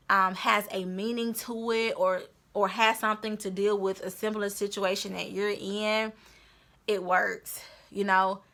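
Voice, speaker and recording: A woman's voice: on the high side, pushed and bright. A young woman vlogger giving motivational tips to her viewers, encouraging and repeating her key points as she talks straight to them. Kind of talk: motivational tips talk to camera.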